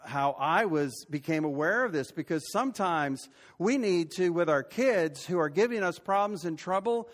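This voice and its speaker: A man's voice: on the high side, animated, moderate pace, few pauses. An older man preaching a sermon as pastor, conversational and rising to emphatic peaks. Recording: long hall reverb.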